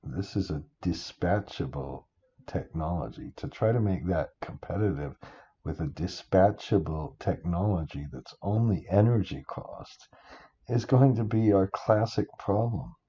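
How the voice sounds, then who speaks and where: A rambling older man walks through a spreadsheet tutorial at an unhurried pace. His voice is low, mellow and warm, and it keeps stopping for exasperated asides. The recording is dull and a little muffled. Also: animated, breathy edge. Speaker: instructor.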